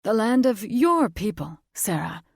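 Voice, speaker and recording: A woman's voice: mid-range voice, very animated, a little slow, vocal fry, breathy edge, no room sound, clean studio sound, voice pushed up, exaggerated voice. A woman voicing a pompous, mocking male fae nobleman, a father, speaking with haughty condescension in an audiobook.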